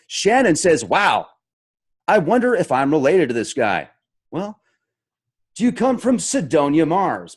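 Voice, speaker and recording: A man hosting his own show, reading out viewer comments and riffing on them in a jokey, mock-dramatic way. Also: fairly high pitch. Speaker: show host.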